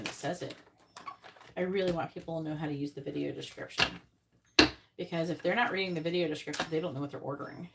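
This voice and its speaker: A woman's voice: sits low, heavy background noise. A woman hosting a live tarot stream, chatting casually and bluntly with viewers and swearing freely. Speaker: tarot reader host.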